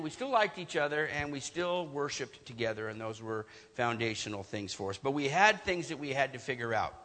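A man's voice: a little high, pushed and bright. A middle-aged man telling a couple's story to an audience, joking and self-mocking, laughing often. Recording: reverberant hall.

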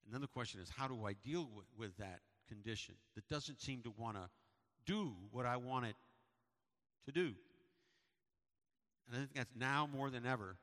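In a church sanctuary with long hall reverb, a middle-aged pastor moves through a sermon and announcements at a moderate pace, leaving long pauses. His medium-pitched voice is a bit bright, and he tells stories conversationally, often repeating phrases.

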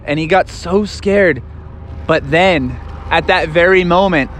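A man's voice: high voice, lively intonation, unhurried, a bit bright, a little hiss or hum. A man improvising a bedtime story in a playful, rambling way, with lots of fillers.

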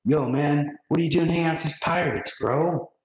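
A man putting on a slangy pirate-hunter bro, pitched high. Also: moderate pace, lightly acted. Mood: hyped. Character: laid-back young male pirate hunter buddies. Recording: roomy, dull lo-fi podcast audio.

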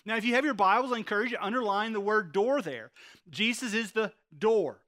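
A man's voice: sits high, expressive, a little fast, fairly bright tone. A male pastor preaching a sermon, retelling a story and asking the congregation rhetorical questions, often repeating words as he goes.

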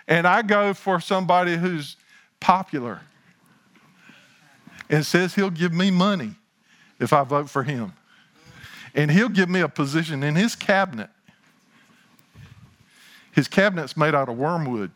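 Male pastor, sermon; fairly high voice, slow and deliberate, punches key lines. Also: a bit bright. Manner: preaching that swells to emphatic, slow lines; self-deprecating asides in third person.

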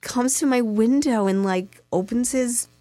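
A woman guest on a radio talk show, telling a story in a halting, giggly way with many fillers. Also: fairly high pitch, dark tone, dry recording. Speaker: guest co-host. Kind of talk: casual radio chat. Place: radio studio.

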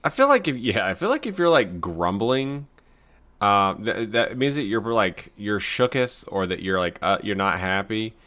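A man's voice: lowish voice, sing-song, normal speed, sharp tone. A man co-hosting a podcast, trading casual, teasing banter. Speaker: podcast co-host. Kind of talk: casual chat.

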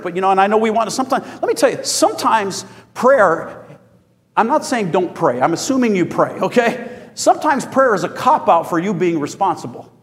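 A man preaching a sermon to his congregation, animated and rising to shouts as he asks for amens. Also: high-pitched, big-room sound. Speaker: pastor. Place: church.

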